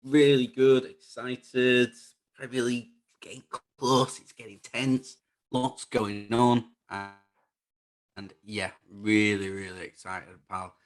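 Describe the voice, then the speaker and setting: Teasing Northern English co-host. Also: male voice, medium pitch, level tone, slow pace. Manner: playful, teasing banter. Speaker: podcast co-host. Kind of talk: casual podcast chat.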